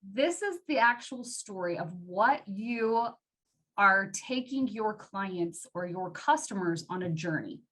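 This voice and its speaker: A woman's voice: medium pitch, lively intonation, slow, a bit bright. A woman giving a casual sales training talk, chatty and full of "like" fillers. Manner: chatty, uses many "like" fillers, acts out customer voices. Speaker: team trainer.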